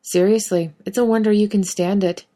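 A woman voicing a gruff, awkward young hunter. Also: medium pitch, steady tone, normal speed, dark tone, natural voice. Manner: swears bluntly, fumbles for words. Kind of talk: audiobook fan fiction reading.

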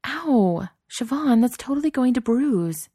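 A woman reading a story, voicing a young female college student who is earnest, apologetic and quick to worry. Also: fairly low pitch, warm tone, no room sound, clean studio sound, lightly acted. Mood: indignant.

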